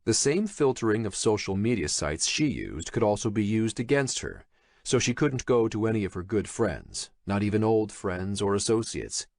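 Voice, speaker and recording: Low, expressive male audiobook narrator. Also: no echo, clean studio sound. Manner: measured, expressive storytelling. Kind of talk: scripted horror thriller narration.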